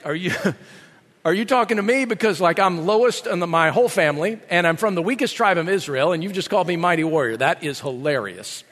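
A preacher voicing Gideon as a humble young farmer, doubtful and self-mocking, in a reverberant hall. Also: male voice, sits high, expressive, a bit bright, pitched below the performer's own voice. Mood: incredulous. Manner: incredulous, self-mocking, quick asides.

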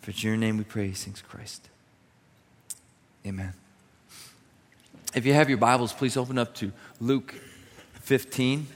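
A young adult man, a pastor, preaching a sermon and telling a story with lively acted-out dialogue. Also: medium pitch, a little slow, pauses often. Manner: animated, acts out dialogue in his story. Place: church sanctuary. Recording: long hall reverb.

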